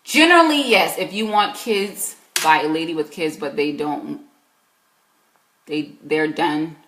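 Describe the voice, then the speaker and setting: A woman with a deep, slightly bright voice speaks at a measured pace in a reverberant space. She's a Christian life coach from South Carolina, going by her accent, answering live stream viewers' questions and comments in an emphatic, preachy style.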